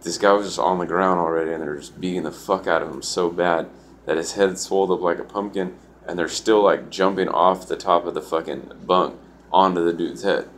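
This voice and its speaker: A man's voice: sits low, steady tone, fairly quick, a little hiss or hum. A man telling a story in a rambling, casual way, filling his talk with "like" and swearing. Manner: rambling, full of "like" and profanity.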